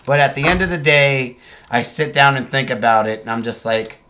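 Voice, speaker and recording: A man's voice: medium pitch, moderate pace, sharp tone. A young man co-hosting a casual podcast chat, brash and emphatic with lots of profanity. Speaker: podcast co-host.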